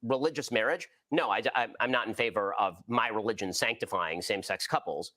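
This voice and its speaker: A man appearing as a guest on an interview show, arguing in a rapid, precise way. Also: fairly low pitch, pushed and bright. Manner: rapid-fire, precise argumentation. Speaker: political commentator guest. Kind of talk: broadcast interview.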